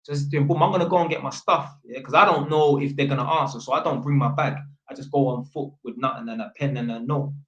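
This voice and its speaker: A man's voice: mid-range voice, fairly even intonation, quick pace, few pauses, a bit bright, dull audio. Rambling man, slangy, in an echoey room. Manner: slangy, rambling, full of fillers and restarts. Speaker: electrician. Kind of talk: storytelling vlog. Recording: roomy echo.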